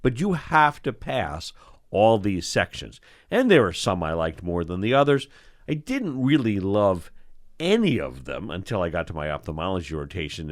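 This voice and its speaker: An older man from New York who hosts a show as an eye doctor, telling lively stories in casual chat and acting out the voices of the people in them. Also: deep voice. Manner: animated storyteller, acts out voices. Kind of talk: storytelling chat.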